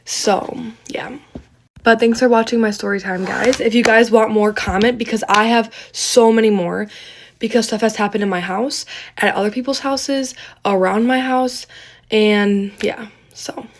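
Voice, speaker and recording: A woman's voice: fairly high pitch, fairly even intonation, a little slow, a little hiss or hum. A woman telling a scary true story in a casual vlog, rambling with lots of fillers and sometimes dropping to a whisper.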